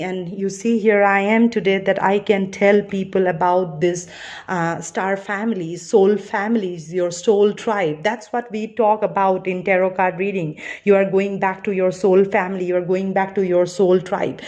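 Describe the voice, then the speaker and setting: A tarot reader with a mid-range, darkish voice chats through a card reading. She's earnest and reassuring, sprinkling in plenty of "you know" and "all right".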